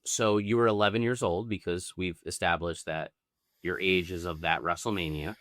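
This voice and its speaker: A man's voice: sits low, fairly even intonation, moderate pace, fairly bright tone, no room sound, studio quality. A man co-hosting a podcast, telling a rambling anecdote full of likes and I-don't-knows. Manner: rambling storyteller, lots of like and I don't know. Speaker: podcast co-host. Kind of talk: casual chat.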